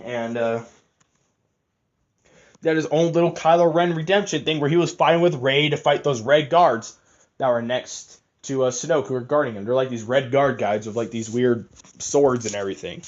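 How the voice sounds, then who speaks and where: A man's voice: mid-range voice, moderate pace. A young man giving a rambling, profane, casual film review, full of fillers and restarts. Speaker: movie reviewer. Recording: slightly muffled lo-fi audio.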